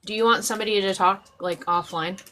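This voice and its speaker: A woman's voice: mid-range voice, steady tone, brisk, fairly bright tone. A woman hosting a casual live stream chat, rambling with many fillers and restarts.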